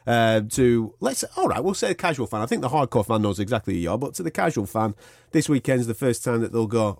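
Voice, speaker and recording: A man's voice: mid-range voice, big pitch swings, creaky, darkish tone, dry recording. A male radio host with a jokey, matey way of talking, running a casual boxing interview from a studio mic. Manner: jokey, matey, rapid chatter.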